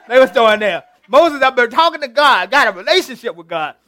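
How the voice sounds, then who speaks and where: A man's voice: very high-pitched, sing-song, brisk, bright, forceful tone, no room sound. A male pastor giving a conversational, interactive sermon, teasing members of the congregation and retelling scripture.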